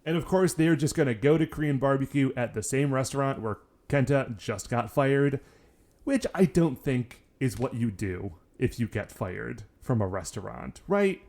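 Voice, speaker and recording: A man's voice: medium pitch, lively intonation, moderate pace, darkish tone. A man co-hosting a podcast in casual, joking chat, often saying "like". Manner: chatty, many "like" fillers, joking. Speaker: podcast co-host.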